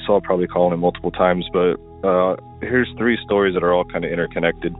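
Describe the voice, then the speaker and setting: A man's voice: low-pitched, fairly even intonation, quick pace, soft background music. A man from Washington State calling in to tell a rambling story, full of fillers, as a recorded voicemail. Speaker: caller. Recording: tinny phone line.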